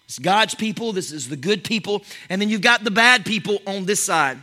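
A pastor delivers an energetic, fired-up sermon in a high, very bright voice. He swings between near-shouts and soft whispers, stumbling into quick restarts and repeated words as his momentum builds.

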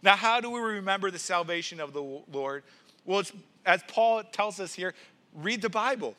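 A pastor preaches with earnest conviction, his voice pitched high for a man. His tone is bright and forward, and he often doubles words as he drives a point home. The delivery is a sermon through and through. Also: animated, moderate pace. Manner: earnest preaching with rising emphasis and repeated words.

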